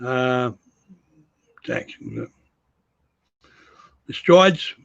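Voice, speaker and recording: An English man being interviewed as a guest over a video call, good-humoured and gravelly, chuckling often. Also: medium pitch, extremely slow, a bit bright, highs cut off. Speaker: interview guest, wrestler and promoter. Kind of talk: casual interview chat.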